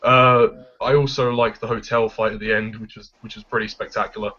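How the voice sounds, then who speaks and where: A man's voice: fairly low pitch, level tone, fairly quick, pushed and bright. A man giving his blunt, opinionated take on a film in a casual discussion. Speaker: film reviewer. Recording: dull lo-fi recording.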